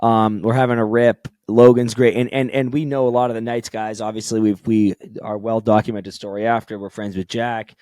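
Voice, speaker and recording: Swearing, excitable young man telling a story. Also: on the low side, a little fast, few pauses, no echo. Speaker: podcast co-host. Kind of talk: casual chat.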